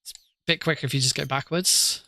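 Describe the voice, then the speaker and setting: Bright-voiced chatty male streamer. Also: fairly high pitch, steady tone, quick pace, no room sound. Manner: chatty, self-mocking, laughs often. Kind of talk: casual gameplay livestream commentary.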